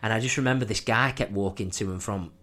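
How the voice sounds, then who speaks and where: Laid-back lad, low voice. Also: male voice, quick pace, bright, forceful tone. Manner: laughing anecdotes, says "were" for "was". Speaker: podcast co-host. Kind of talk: casual chat.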